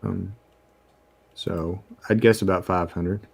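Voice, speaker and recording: Low, gravelly man reading stats. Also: steady tone. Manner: measured, stat-citing, hesitant with fillers. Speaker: podcast co-host. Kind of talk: casual chat.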